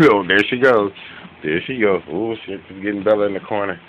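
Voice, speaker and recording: A man filming his dogs at home on a handheld camera, giving an excited, laughing, profane running commentary that turns quieter near the end. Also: fairly quick, noisy background. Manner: quieter and lower toward the end. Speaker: dog owner filming his pets. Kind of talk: casual home video commentary. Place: room in a home with a bed.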